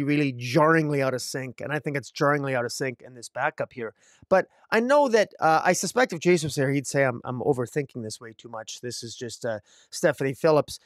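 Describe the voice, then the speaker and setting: Casual male comic reviewer from Canada, rambling delivery, slightly high pitch, dry close recording. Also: no room sound. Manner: rambling, frequent fillers and restarts.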